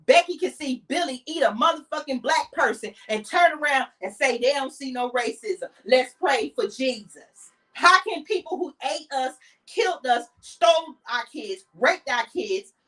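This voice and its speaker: A woman's voice: high voice, fairly bright tone, distant mic. A woman with an African American English accent, hosting a podcast and delivering a blunt, heated, profane monologue. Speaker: podcast host. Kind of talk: impassioned monologue.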